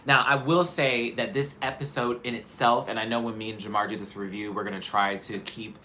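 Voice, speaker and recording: Male host, candid and animated commentary, bright voice, faint noise behind. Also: fairly low pitch, brisk. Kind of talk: casual commentary.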